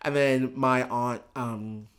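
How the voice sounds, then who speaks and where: A man guest on a chat show, telling a casual story in an excitable, gushing way with many fillers. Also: mid-range voice, takes it slowly. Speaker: podcast guest, drag performer.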